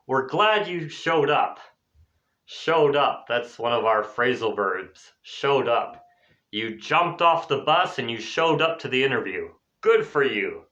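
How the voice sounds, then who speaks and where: Upbeat male teacher, lo-fi recording. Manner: lively, voices example phrases in a raised pitch. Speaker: English teacher. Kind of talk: classroom explanation. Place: lives in Spain. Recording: dull lo-fi recording.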